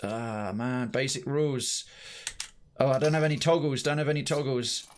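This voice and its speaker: A man's voice: mid-range voice, fairly even intonation, normal speed, slight background noise. A man streaming a video game, rambling casually through his commentary and swearing now and then. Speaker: gaming streamer.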